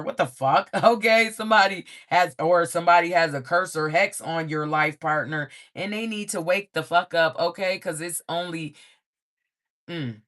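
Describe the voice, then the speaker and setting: A man giving a livestream tarot reading to his viewers in a loose, profane, animated way, laughing often and ending many lines with "okay?". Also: on the high side. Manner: profane, frequent "okay?" check-ins. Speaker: tarot reader.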